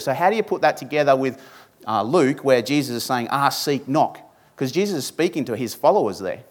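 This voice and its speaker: A male pastor delivering a sermon in an emphatic, repetitive style. He drives each point home with rhetorical questions and words said again and again. His voice sits at an ordinary middle pitch.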